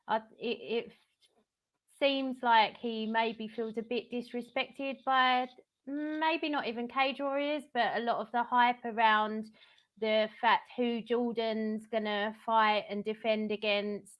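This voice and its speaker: A woman's voice: a little high, a bit bright, rough recording. A woman with an Essex accent, co-hosting a sports podcast in chatty, casual talk. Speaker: podcast co-host.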